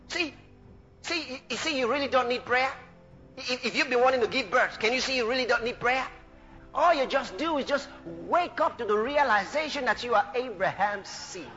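Preacher, male, very high and bright voice, dull recording with faint music under it. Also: moderate pace. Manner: animated, bursts into shouts of hallelujah, laughs mid-sentence. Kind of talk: sermon.

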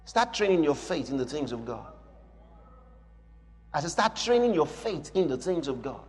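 A man preaching a sermon with emphatic, repeated declarations that climb into shouts. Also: a little high, sing-song, moderate pace. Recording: long reverb with faint music behind.

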